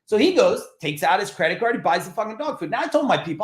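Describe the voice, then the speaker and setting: New guy, middle-aged, swears a lot telling stories, kinda high voice, roomy echo. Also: fast talker. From New Jersey. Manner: animated, profane, acts out quoted voices. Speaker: podcast guest, business coach. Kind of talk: casual interview storytelling.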